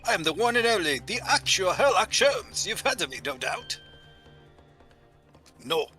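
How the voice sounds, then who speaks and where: A man's voice: high voice, big pitch swings, moderate pace, bright, forceful tone, faint music behind, full character voice. A man voicing a pompous, eccentric male detective, drawn out and grandiose. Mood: boastful. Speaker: streamer voicing a game character.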